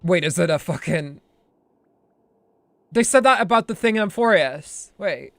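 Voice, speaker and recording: Excitable gravelly streamer voice actor. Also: male voice, sits high, dry recording. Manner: excitable, swearing, quick asides. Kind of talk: casual live-stream commentary.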